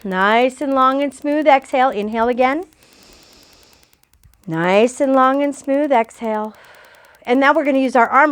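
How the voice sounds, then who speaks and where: A woman's voice: high-pitched, no room sound. An older woman, a grandmother, leading a children's yoga lesson with a cheerful, playful coaching voice. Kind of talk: guided kids' yoga lesson.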